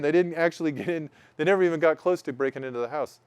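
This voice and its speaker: A guest storyteller in his forties from Oregon, United States, tells a profane, self-mocking story in casual chat, animatedly acting out the voices of what people said. His voice is fairly high and racing, with a clear, resonant tone and no echo.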